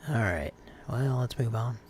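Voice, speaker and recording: A man's voice: mid-range voice, expressive, a little slow, darkish tone, slight background noise. A man hosting a live call-in stream, chatting casually and rambling with fillers and restarts.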